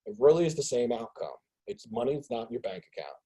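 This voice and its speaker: A man hosting a business group call on a video call, talking casually in an animated rant. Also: medium pitch, quick pace, rough recording. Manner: animated ranting, acts out others' voices. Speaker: host of a business mastermind call.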